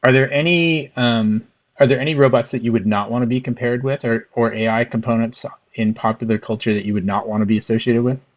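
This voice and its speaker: A man's voice: medium pitch, steady tone, brisk, highs cut off. A man hosting a casual chat, hesitant, repeating words and using many fillers. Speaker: host testing an AI.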